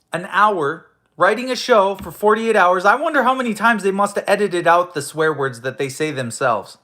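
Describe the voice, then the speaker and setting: High-voiced guy hosting his own show, cussing out his listeners, stammers and restarts a lot. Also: pushed and bright. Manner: profane, confrontational, stammering restarts. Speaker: host of an online audio room show. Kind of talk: angry ranting monologue.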